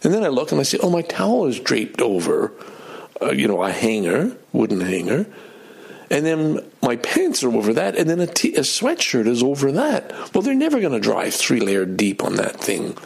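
A man's voice: medium pitch, wildly swooping pitch, moderate pace, gravelly, husky. A middle-aged man telling a personal story in a casual, self-deprecating way, acting out his own outbursts.

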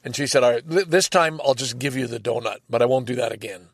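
A man's voice: mid-range voice, quick pace. An older man telling a rambling, exasperated story in a casual monologue, swearing freely. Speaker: vlogger.

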